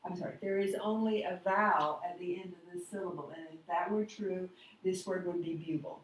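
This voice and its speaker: Woman doing a slow phonics lesson, kinda low voice, roomy echo, light hum behind. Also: fairly even intonation, recorded from a distance. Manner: slow, patient, quizzing the listener. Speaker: reading teacher. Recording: echoey room, voice off-mic.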